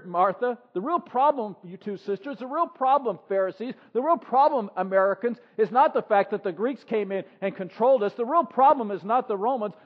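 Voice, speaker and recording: A male pastor preaching a sermon, hammering points with repeated phrases and rhetorical questions. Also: very high-pitched. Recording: reverberant hall, dull lo-fi sound.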